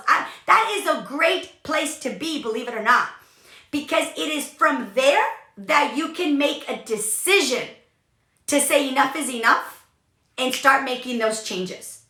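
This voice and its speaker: A young woman gives a motivational talk with lots of emphasis and repetition. Her voice sits high and bright. The room around her is echoey. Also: measured pace. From California. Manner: emphatic, energetic, repeats for emphasis. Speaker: podcast host, business coach.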